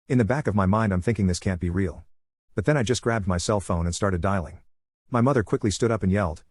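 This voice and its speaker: A man narrating a personal story in a brisk, matter-of-fact way. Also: on the low side, a little mellow, no echo, clean studio sound.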